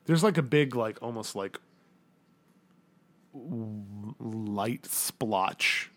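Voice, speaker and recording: A man's voice: lowish voice, animated, drawn-out words, a bit bright. A man narrating a tabletop game as game master, describing scenes in a loose, rambling way full of fillers.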